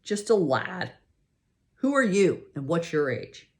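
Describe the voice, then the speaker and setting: A narrator voicing a bored, dismissive middle-aged male police captain who talks slowly and offhandedly. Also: fairly high pitch, sing-song, pitched above the performer's own voice. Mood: weary, dismissive. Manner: slow, drawling, offhand.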